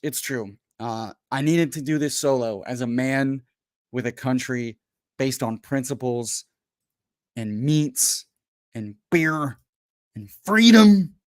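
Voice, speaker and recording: A man's voice: medium pitch, lively intonation, takes it slowly, no room sound, studio quality. Hyped, folksy man hosting a livestream. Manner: hyped and folksy, keeps calling people brother; bursts into loud shouted pep talk. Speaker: host. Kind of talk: casual livestream chat. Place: home.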